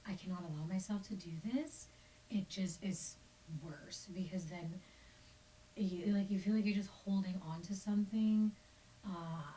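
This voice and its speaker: A woman hosting a podcast interview, speaking in a reflective way that often trails off into soft, near-whispered words. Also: on the low side. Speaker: podcast host. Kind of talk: casual interview chat. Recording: distant mic with faint hiss.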